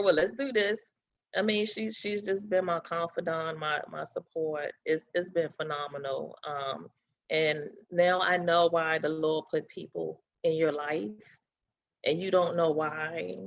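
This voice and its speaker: A woman's voice: low voice, steady tone, a little slow, gravelly, dull audio. A woman guest on a talk show, speaking candidly and openly about a hard time, laughing now and then. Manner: candid and open, laughs through hard memories. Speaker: guest sharing her story. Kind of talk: emotional talk-show conversation.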